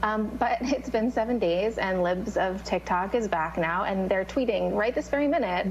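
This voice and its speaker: A woman's voice: mid-range voice, normal speed, hardly any pauses. Wry woman panelist on a dull clip. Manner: wry, conversational. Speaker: news panelist. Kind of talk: panel discussion. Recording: dull broadcast clip with faint hum.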